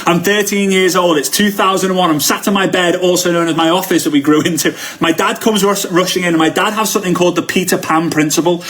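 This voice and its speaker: A man in his thirties gives a live-streamed sales training talk as a motivational speaker, telling energetic stories and acting out the quotes. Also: sits high, fast talker, hardly any pauses. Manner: energetic storyteller who acts out quotes.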